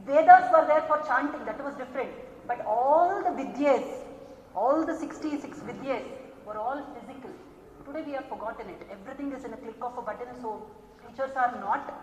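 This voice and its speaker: A woman with an Indian English accent speaks in a high voice, lecturing earnestly to a room of educators and repeating her points. Her voice rings out in a large hall with a long, echoing reverb. A faint hum of ambience sits underneath. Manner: earnest, repetitive, lecturing with rhetorical questions. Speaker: workshop speaker on drama in science teaching. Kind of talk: public talk to science educators. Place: large echoey hall at a conclave.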